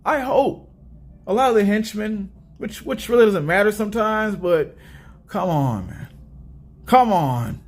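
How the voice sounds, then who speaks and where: A young man talking through a movie review in a loose, rambling way, cracking jokes and circling back on himself as he goes. His voice sits fairly high for a man. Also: a little slow. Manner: animated, rambling, joking.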